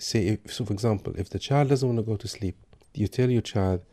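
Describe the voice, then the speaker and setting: A man giving calm parenting advice with examples. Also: fairly low pitch, brisk, few pauses. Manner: calm, advisory, gives examples. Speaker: parenting speaker. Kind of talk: talk on parenting.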